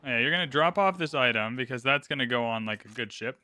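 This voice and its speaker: A man's voice: medium pitch, lively intonation, fast, bright, forceful tone. A man hosting a gaming channel, talking through a strategy game in casual, upbeat commentary and explaining his moves as he plays.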